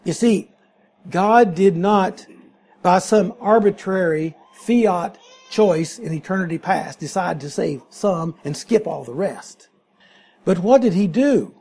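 A man's voice: high-pitched, warm tone, slightly rough. A man teaching a Bible class verse by verse, explaining Greek words and asking his listeners questions.

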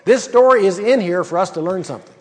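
High-voiced man preaching in a hall. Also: animated, fast. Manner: conversational, emphatic, rhetorical questions. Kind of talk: sermon, Bible teaching.

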